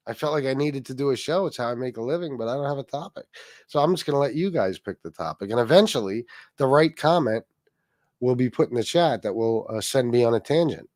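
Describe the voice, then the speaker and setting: A man's voice: mid-range voice, expressive, fast, darkish tone, dry recording. A man hosting a casual livestream, rambling, swearing freely and reacting to chat comments. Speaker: livestream host.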